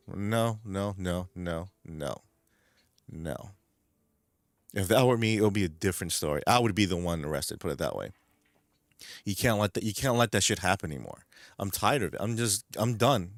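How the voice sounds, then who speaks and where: A man's voice: on the low side, expressive, fairly quick, no room sound. Fired-up New York guy on a stream, swears a lot, dry close sound. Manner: angry, profane, repeats words. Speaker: livestream host. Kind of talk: ranting livestream chat. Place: home streaming room.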